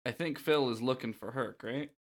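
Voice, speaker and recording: A man hosting a casual podcast, playful and quick to laugh. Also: medium pitch. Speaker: podcast host.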